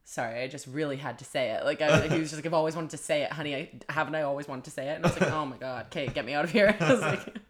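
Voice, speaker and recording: Animated Canadian woman, lots of "like". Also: low voice, racing, hardly any pauses. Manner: animated, lots of "like", acts out quoted people. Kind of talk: casual chat.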